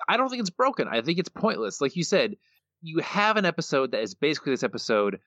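A man's voice: on the high side, very animated, fast talker, bright, forceful tone, no echo. A man co-hosting a podcast, talking in a dry, laconic way in casual chat. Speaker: podcast co-host. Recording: dull, dry podcast audio.

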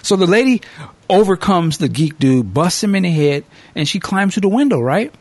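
A male podcast host telling a movie plot in a lively, sing-song voice that swoops up and down, sitting slightly high for a man. He acts out the characters as he goes, and the sound is dry and close. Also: normal speed, no room sound. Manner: animated storyteller, acts out characters. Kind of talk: casual movie recap.

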